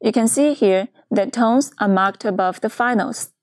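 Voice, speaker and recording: A woman teaching a beginner's pronunciation lesson in a clear, patient scripted dialogue. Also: medium pitch, moderate pace, no echo, clean studio sound. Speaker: Chinese teacher.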